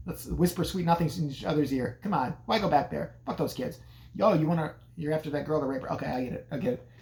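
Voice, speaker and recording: A man's voice: on the high side, fast talker, gravelly, a little mellow, echoey room. A man doing a wheedling small-town sheriff. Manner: wheedling and mocking.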